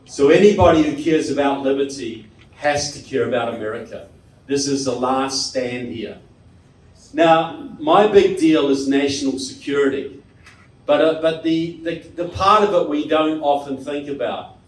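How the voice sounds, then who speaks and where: A man's voice: fairly high pitch, moderate pace, slight background noise. A man from New Zealand with a New Zealand accent, giving a joking, rhetorical speech to a live audience and asking the crowd questions. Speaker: guest speaker. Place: hall with audience. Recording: roomy hall from a distant mic.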